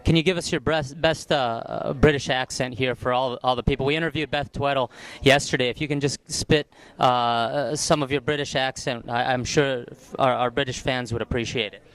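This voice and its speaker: A man's voice: mid-range voice, fairly even intonation, fairly quick, few pauses, a bit bright. A man interviewing athletes after a competition, upbeat and playful in his questions. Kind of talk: post-competition sports interview. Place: competition arena.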